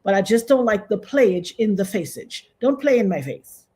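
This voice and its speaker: A woman's voice: mid-range voice, animated, normal speed, mellow. An American woman doing casual commentary, emphatic and repetitive, with sudden outbursts. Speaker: commentary vlogger.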